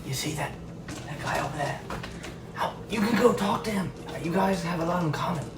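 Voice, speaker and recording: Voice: mid-range voice, fairly quick, roomy sound, distant mic, noisy background. A player in a tabletop game, teasing the others in a playful way. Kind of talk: casual tabletop role-play.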